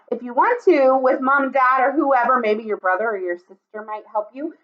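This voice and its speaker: A woman teaching a video lesson to young children from home, talking in an animated, sing-song way. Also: on the high side, lo-fi sound. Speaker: kindergarten teacher.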